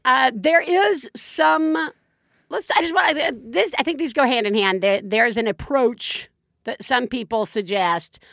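A woman co-hosting a parenting podcast in casual chat, candid and quick to laugh. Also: sits high, vocal fry, fairly bright tone, no room sound, clean studio sound. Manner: chatty, laughs often, candid. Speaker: podcast co-host.

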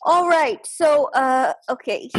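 Speaking slowly in a high-pitched voice with lively intonation, a woman co-hosts a comedy podcast over a video call. She keeps the conversation moving and reads an ad, heard through a remote call microphone.

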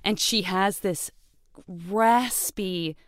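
A woman's voice: medium pitch, very slow, dry recording, clean studio sound. A woman hosting a casual podcast, affirming her guest with lots of agreement and telling her own stories. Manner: warm, affirming listener with frequent agreement. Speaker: podcast host.

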